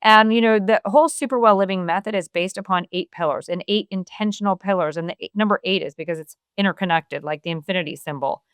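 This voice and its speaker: A middle-aged woman speaks as a podcast guest, in an earnest and open way that leans on filler phrases. Her tone is smooth and clean. The sound is close and dry, with no room around it. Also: medium pitch, fast, few pauses, no echo. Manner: earnest, open, many "you know" fillers. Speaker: podcast guest, wellness author. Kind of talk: casual conversational interview.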